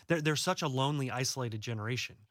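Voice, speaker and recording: A man's voice: mid-range voice, quick pace, fairly bright tone, no room sound, studio quality. A young adult man, an author and guest, talking earnestly and reassuringly in a casual faith-based interview, often restarting his words.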